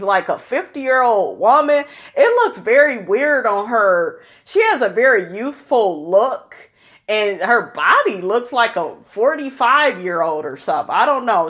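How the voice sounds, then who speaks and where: A woman's voice: fairly high pitch, a bit bright. A young woman vlogging casual reality-TV commentary, blunt, profane and sassy, calling her viewers honey.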